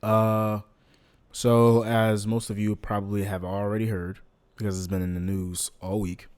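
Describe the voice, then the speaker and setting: A man's voice: lowish voice, level tone, unhurried, a little mellow, smooth. A young man hosting a podcast, talking loosely with slang and plenty of filler. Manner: laid-back, loose, lots of ums and slang. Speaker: podcast host. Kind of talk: casual podcast monologue.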